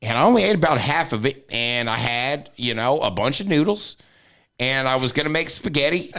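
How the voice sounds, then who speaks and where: A man's voice: medium pitch, lively intonation, normal speed, fairly bright tone, voice pushed up. A man doing a fussy, folksy old grandma. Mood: explaining. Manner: drawling, homespun, chatty. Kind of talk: quoting his grandmother in a story.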